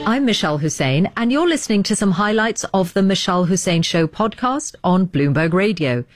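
A woman radio host interviewing a guest, asking measured, probing questions. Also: medium pitch, lively intonation.

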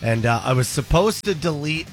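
A man's voice: on the high side, lively intonation, moderate pace, soft background music. A man co-hosting a morning radio show from the studio, joking and chatting loosely with his partner on a studio mic. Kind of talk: casual morning radio banter. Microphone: studio microphone with headphones.

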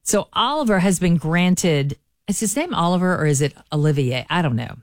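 A woman's voice: fairly low pitch, animated, moderate pace, no room sound, studio quality. Chatty woman radio host. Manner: chatty, folksy, enthusiastic. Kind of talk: morning radio entertainment chat.

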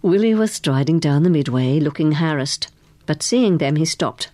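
A woman narrating a novel in an expressive way, giving each character a voice. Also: deep voice, moderate pace, dry recording. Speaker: audiobook narrator. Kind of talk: scripted narration.

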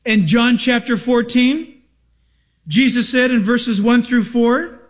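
A man preaching a sermon as a pastor, emphatic and repetitive, asking rhetorical questions and sounding excited and over-caffeinated. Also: extremely high pitch, slow pace.

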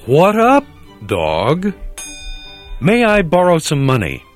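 A man's voice: on the high side, huge pitch swings, slow pace, faint music behind, exaggerated voice. A man playing a stiff, overly formal young man who repeats slang in a comedy sketch.

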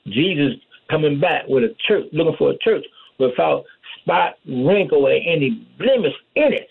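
Over a tinny, phone-line radio broadcast, a man preaches a fervent call-and-response sermon, calling out amen and hallelujah again and again. His highish voice is expressive, gravelly and breathy-edged, at a moderate pace.

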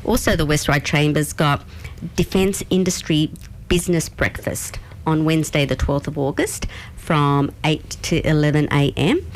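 A woman reads local event listings on community radio. Her voice sits a little low, and she runs through dates and venues briskly. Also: a little hiss or hum.

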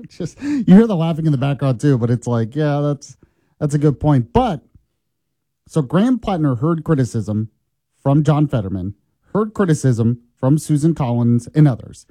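A man's voice: a little high, very animated, moderate pace, warm tone, dry recording, studio quality. A man hosting a talk radio show, making sarcastic comments and laughing over the clips he plays.

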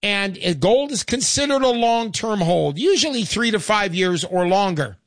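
Older male radio host, high and animated, chatty and emphatic, dry close sound. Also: normal speed, dry recording. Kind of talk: call-in radio talk.

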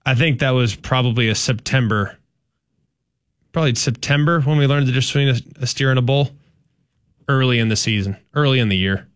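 A man's voice: mid-range voice, a little fast, dry recording, studio quality. Emphatic man on sports radio. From Dallas-Fort Worth, Texas. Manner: emphatic, repeats points, laughs between lines. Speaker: co-host, sports analyst. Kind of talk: sports talk radio chat.

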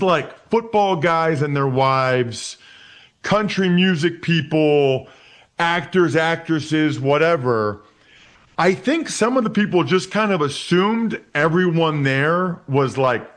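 A man in his forties from Pennsylvania, a guest telling stories in a casual chat. He talks in an animated way and often repeats words as he starts sentences. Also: a little high, slow. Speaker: interview guest. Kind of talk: casual storytelling.

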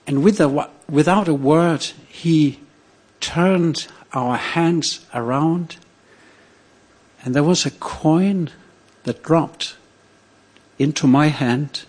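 An older man from Denmark, telling a personal story on stage in a measured, reflective way with pauses. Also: fairly high pitch, a little mellow, husky. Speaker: storyteller, priest.

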